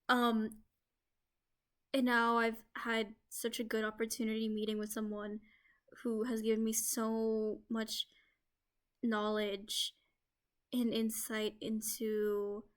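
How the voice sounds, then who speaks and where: Chatty young woman vlogging, full of fillers. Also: fairly high pitch. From United States. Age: young adult. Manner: rambling, many "like" fillers. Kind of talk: casual vlog chat. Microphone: laptop microphone. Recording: lo-fi laptop recording.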